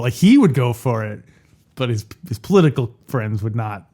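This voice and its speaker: A man co-hosts a conversational podcast with a jokey, easygoing delivery. He chuckles through his remarks, and his voice sits at an ordinary pitch. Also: expressive, moderate pace, dark tone. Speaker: podcast co-host. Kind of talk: casual chat.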